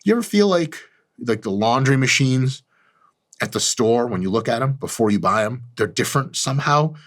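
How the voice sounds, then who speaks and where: A man hosts a comedic advice monologue with a husky voice. He swaggers through it, mock-arrogant and full of profanity. His pitch swings in lively, animated leaps. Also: moderate pace. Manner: lively, animated delivery with big pitch jumps. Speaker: channel host.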